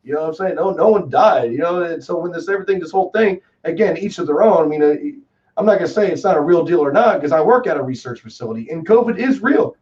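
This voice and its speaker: A man from Texas in casual chat as a guest, telling rambling, animated stories with lots of fillers. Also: on the high side, quick pace. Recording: distant, dull lo-fi call audio.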